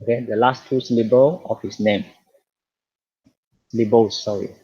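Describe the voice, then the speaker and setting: A man's voice: mid-range voice, steady tone, moderate pace, warm tone, husky. A man with a Malaysian accent teaching an online English lesson, patiently repeating key words and saying "okay" often. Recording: dull lo-fi audio.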